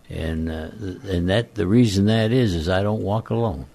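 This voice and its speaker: Older guy, super deep croaky voice, rambling folksy stories on talk radio. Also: normal speed, mellow. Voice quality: croaky, frog-like voice. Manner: folksy, rambling, self-deprecating. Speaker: guest, former football coach. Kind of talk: casual radio interview storytelling.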